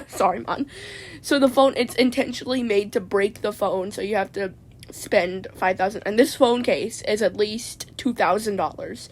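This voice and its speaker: A woman's voice: mid-range voice, measured pace, a little hiss or hum. A woman vlogger telling a rambling comedic story from inside a parked car, stammering and tacking "man" onto her sentences.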